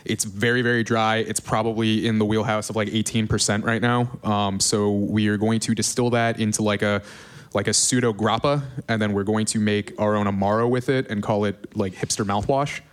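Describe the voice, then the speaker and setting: Male brewer, lowish voice, loose rambling storyteller full of fillers. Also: flat delivery, moderate pace. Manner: rambling, full of likes and ums. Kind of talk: casual podcast storytelling.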